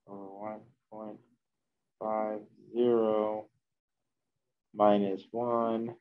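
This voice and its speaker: A man lectures a chemistry class, talking slowly through a calculation and catching his own mistakes along the way. His voice sits a little low. The classroom recording sounds dull and lo-fi. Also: creaky. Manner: slow, thinking aloud while working math at the board, self-correcting. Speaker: chemistry instructor.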